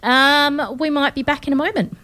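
A woman's voice: high voice, steady tone, moderate pace, bright, forceful tone, dry recording, studio quality. Chatty woman co-host. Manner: chatty, upbeat, many fillers. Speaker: radio co-host. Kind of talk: casual chat.

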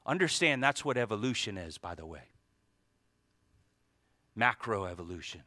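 A male pastor preaching a sermon with emphatic delivery, swinging from hushed asides to loud, fervent climaxes. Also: lowish voice, big pitch swings, normal speed, no room sound, clean studio sound.

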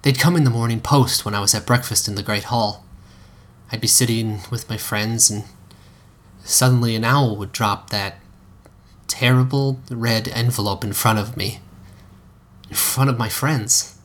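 A man's voice: mid-range voice, fairly even intonation, measured pace, lightly acted. A man reading aloud and voicing an awkward, hesitant teenage schoolboy who stammers over his words. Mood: confessional.

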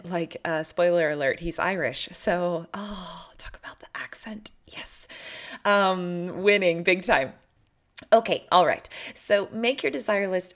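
A young woman coaching viewers on manifesting love, chatty and earnest with plenty of fillers. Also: lowish voice. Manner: chatty and earnest, with many fillers and little laughs. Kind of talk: casual talk to camera.

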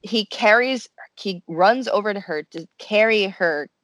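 A woman's voice: unhurried, no echo. Young woman chatting animatedly, dry close mic. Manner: animated, acts out quotes in high voices, many "like"s. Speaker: podcast co-host. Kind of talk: casual chat recapping a reality show.

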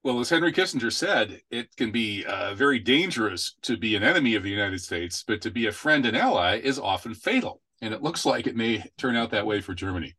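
A male host leads a casual political talk show in a low, pushing voice. He is chatty and wry and likes a pun. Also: lively intonation, brisk, hardly any pauses, sharp tone, breathy edge. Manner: chatty and wry, makes puns.

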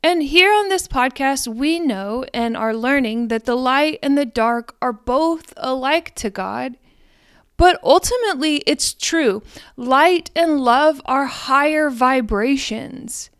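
A woman's voice: high voice, lively intonation, slow pace, a bit bright, clean tone, dry recording, clean studio sound. A woman hosting a spiritual podcast, talking frankly and profanely in a rambling, self-questioning monologue. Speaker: podcast host.

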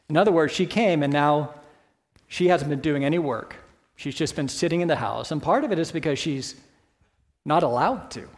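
A man's voice: a little high, brisk, darkish tone. A man preaching a sermon in a church, explaining a Bible passage in a conversational way with rhetorical questions.

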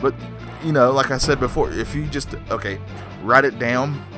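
A man's voice: mid-range voice, normal speed, music in the background. A man hosting a casual solo movie review podcast, rambling and joking with many filler words. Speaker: podcast host.

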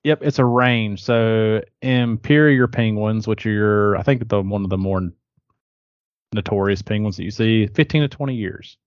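A man's voice: lowish voice, normal speed, no echo, highs cut off. A man co-hosting a casual podcast chat, joking and laughing often as he talks. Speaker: podcast co-host.

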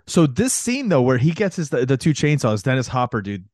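Animated man retelling a movie. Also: mid-range voice, brisk, dry recording, studio quality. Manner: animated storyteller, acts out scenes with noises and quoted voices. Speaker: podcast co-host. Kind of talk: casual movie-recap chat.

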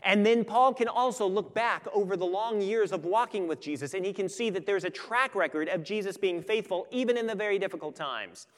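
A pastor preaching a sermon with earnest emphasis that swells and then turns quiet and intimate. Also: male voice, high voice, brisk, hardly any pauses. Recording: long hall reverb.

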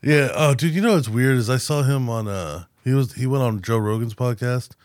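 A man's voice: medium pitch, normal speed, darkish tone, dry recording, clean studio sound. A man co-hosting a podcast in crude, joking banter, acting out the people he quotes. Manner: profane, jokey, acts out quoted people. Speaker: podcast co-host.

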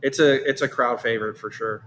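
A man talks casually in an interview about running his meadery. His voice sits at a middle pitch. He rambles, doubling words and starting sentences over as he goes. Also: steady tone, brisk, fairly bright tone. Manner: rambling, repeats words and restarts often. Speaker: meadery owner.

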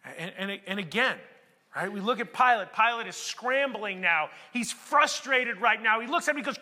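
A man delivers a sermon in a very high, bright voice, dropping low and quiet before rising into shouted emphasis. His words ring out with a long reverb, as from a large church hall. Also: animated, normal speed. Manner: preaching with dramatic swings between hushed and shouted passages. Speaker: pastor.

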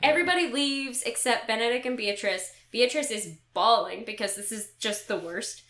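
A young woman hosting a podcast in casual chat, animated and laughing as she acts out lines from a play. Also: a little high, moderate pace, reverberant. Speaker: podcast host.

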